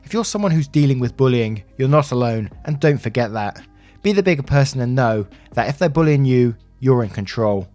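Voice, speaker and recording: A man with a mid-range voice reads a first-person story aloud. His delivery is steady and earnest. Faint music plays beneath the narration. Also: medium pitch, a little fast, no echo.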